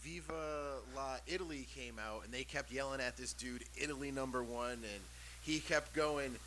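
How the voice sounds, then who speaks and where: A man's voice: mid-range voice, moderate pace, fairly bright tone, slight background noise. A man co-hosting a casual wrestling chat, telling a story from a show in a laid-back way. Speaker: wrestling podcast co-host.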